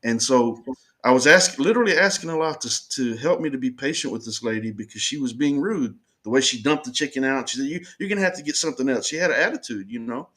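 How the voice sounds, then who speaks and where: A man's voice: mid-range voice, animated, fairly quick, fairly bright tone. A man earnestly recounting a confrontation in the first person, insistent and repeating himself as he explains.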